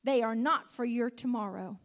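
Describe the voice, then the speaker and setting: High-voiced woman preaching a fervent sermon. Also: moderate pace. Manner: emphatic, repeats lines, calls out hallelujah.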